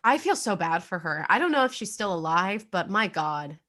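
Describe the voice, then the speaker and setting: A woman's voice: fairly low pitch, big pitch swings, moderate pace, sharp tone. A young adult woman co-hosting a casual true-crime podcast, chatty and full of fillers, laughing now and then. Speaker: podcast co-host.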